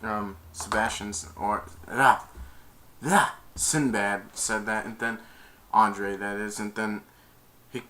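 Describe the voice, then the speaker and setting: A man's voice: fairly low pitch, steady tone, takes it slowly, bright, forceful tone. A young man in his twenties casually retelling a movie plot in a rambling, hesitant way, often correcting himself. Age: 20s. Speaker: amateur movie reviewer.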